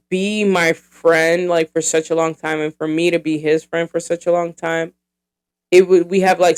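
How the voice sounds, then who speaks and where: A woman in her thirties hosts her own podcast in a loose, rambling monologue. Her voice is smooth and clean. She swears freely and fills pauses with plenty of ums and likes. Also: low voice, darkish tone. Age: 30s. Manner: rambling and profane, heavy with fillers. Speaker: podcast host.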